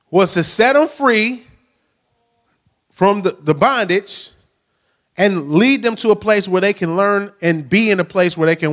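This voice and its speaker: High-pitched middle-aged guy preaching, chatty, keeps going "right?". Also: a bit bright. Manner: conversational preaching, asks the crowd "right?". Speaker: pastor. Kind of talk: sermon.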